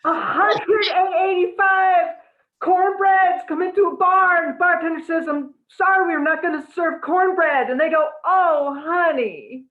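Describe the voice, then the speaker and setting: A woman telling an improv joke loudly and dramatically on a video call. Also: very high-pitched, steady tone, measured pace. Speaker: improv player. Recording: tinny, echoey call audio.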